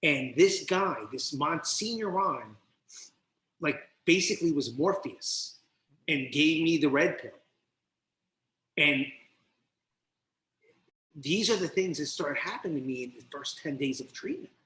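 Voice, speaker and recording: A man's voice: on the high side, lively intonation, unhurried, long pauses, a bit bright. A man from New Jersey telling his recovery story as a podcast guest. He tells it with animation and acts out both sides of the dialogue. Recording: roomy echo.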